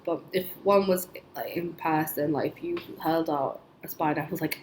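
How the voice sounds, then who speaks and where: Speaking unhurriedly in a low, slightly mellow voice, a young woman tells her dreams on a vlog. It's casual storytelling, rambling and chatty with plenty of "like" and small laughs, captured in an echoey room with faint noise.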